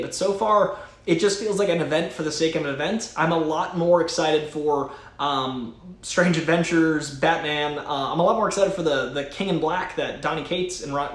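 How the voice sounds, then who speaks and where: A man's voice: fairly high pitch, fairly bright tone, reverberant. A man hosting a casual live stream, chatting with enthusiasm and reading viewer messages aloud. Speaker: host. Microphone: studio mic.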